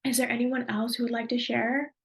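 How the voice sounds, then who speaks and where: A woman with a fairly high, level voice presents a webinar, guiding a group discussion in a measured, affirming way. She drops into soft, half-whispered asides.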